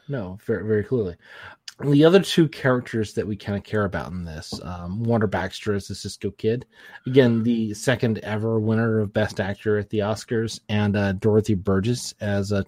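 A man's voice: lowish voice, no echo, studio quality. Rambling man in casual film chat. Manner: rambling, many fillers, animated mock impressions. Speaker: podcast co-host.

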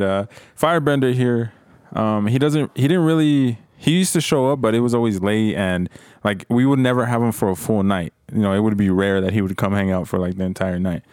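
A man's voice: lowish voice, brisk, a little mellow, clean tone, dry recording. A man in casual chat among friends, starting a story in a laid-back way with many fillers. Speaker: podcast co-host.

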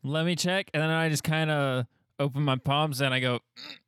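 A man's voice: on the high side, steady tone, moderate pace, a bit bright, clean tone, no echo. A man playing a tabletop game, understated and a little hesitant. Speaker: player. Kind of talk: casual tabletop play.

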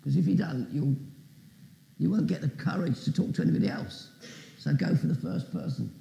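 A man's voice: a little high, moderate pace, gravelly, dark tone, echoey room, low-quality recording. A man preaching as a guest speaker, telling a story with asides and questions to the audience. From Britain. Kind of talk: testimony sermon.

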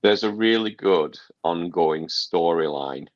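A man's voice: deep voice, takes it slowly, no room sound, highs cut off. A man co-hosting a casual gaming podcast, giving long rambling explanations and swearing casually. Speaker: podcast co-host reviewing a game.

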